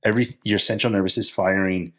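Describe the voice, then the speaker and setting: Deep-voiced male co-host, loose rambling delivery that acts out inner thoughts. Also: steady tone, fast talker. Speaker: podcast co-host. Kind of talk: casual conversation.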